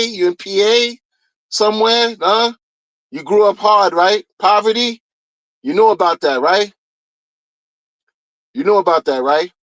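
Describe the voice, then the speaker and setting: A man's voice: sits high, a bit bright, no echo, poor audio. A man ranting in a heated, mocking way, repeating phrases to drive his point home. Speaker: streamer ranting commentary. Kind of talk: casual rant.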